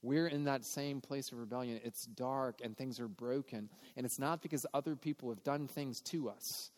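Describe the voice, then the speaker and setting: A man's voice: mid-range voice, normal speed, a little mellow, long reverb tail. A man preaching a sermon in a conversational, earnest way, often acting out quoted voices. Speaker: pastor.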